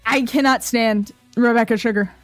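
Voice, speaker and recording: Streamer, young woman, fairly high voice, dry close sound, blunt and sweary, ranting casually. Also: steady tone, moderate pace, dry recording, soft background music. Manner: ranting, blunt, swears often, laughs a lot. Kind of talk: casual chat reacting to chat messages.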